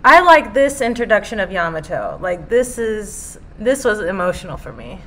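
A woman's voice: mid-range voice, big pitch swings, normal speed, fairly bright tone, slight background noise. A young woman live-streaming her reaction while reading aloud, emotional and given to swearing and exclaiming.

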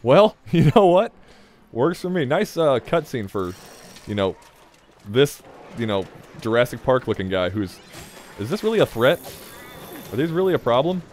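Man, let's play commentary, mid-pitched voice, joking, rambling, chuckles a lot, talks back to the game. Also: big pitch swings, moderate pace, long pauses, darkish tone, slight background noise. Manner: jokey, rambling, talks to the game, laughs often. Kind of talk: gameplay commentary.

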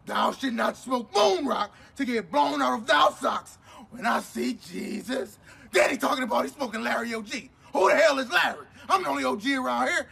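A man playing a loud, hot-tempered older father in a comedy sketch, shouting and ranting in rhymes. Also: extremely high pitch, creaky, husky, heavily acted.

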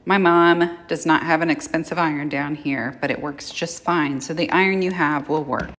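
Casual woman sewing teacher, low voice, step-by-step, echoey kitchen. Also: steady tone, normal speed, a bit bright. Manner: chatty, plain-spoken step-by-step explaining. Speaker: sewing instructor. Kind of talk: casual how-to tutorial. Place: home kitchen.

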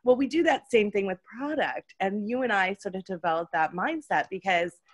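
A slightly hoarse woman hosting a casual conversation, talking with enthusiasm and laughing often. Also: mid-range voice, moderate pace. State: a bit hoarse. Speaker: host.

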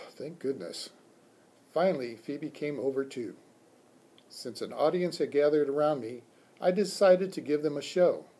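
A man reading a children's chapter book aloud for a school, expressive and doing character voices. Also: a little high, normal speed, slightly rough. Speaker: school read-aloud reader.

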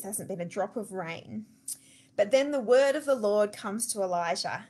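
An Australian woman gives a weekly church devotional and retells a Bible story as a chatty, lively storyteller. She talks straight to her listeners at a mid pitch. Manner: lively storyteller, conversational, addresses listeners directly.

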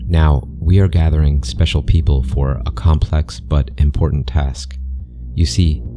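A man voicing a mysterious male interviewer speaking through a speaker, calm, polite and cold, with an accent that is neither British nor American. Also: a bass voice, a little slow, over music. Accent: unplaceable accent, neither British nor American.

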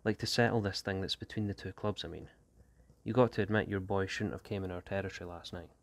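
A man with a deep voice reading a tense teenage gang boy who talks in street slang. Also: fairly even intonation, fast, creaky. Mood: guarded. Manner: slangy street talk, guarded and restless.

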